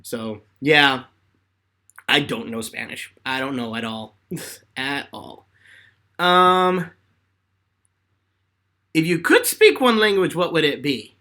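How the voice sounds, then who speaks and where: A man in his twenties answers fan questions live, telling stories with lots of energy and frequent laughter. His pitch swoops up and down, and his tone is bright and forward. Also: takes it slowly, pauses often. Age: 20s. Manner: animated storyteller, laughs often.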